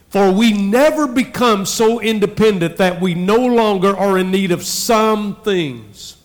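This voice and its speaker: A male pastor preaching a sermon in a church, emphatic with dramatic pauses. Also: high-pitched. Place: church sanctuary.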